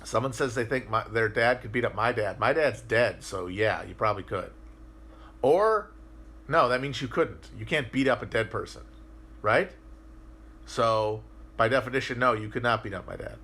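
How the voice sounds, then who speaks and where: A podcast host with a mid-range, slightly bright voice and a breathy edge talks at a moderate pace on a livestream. He chats casually and answers viewer comments, rambling and swearing as he thinks aloud, often restarting his sentences.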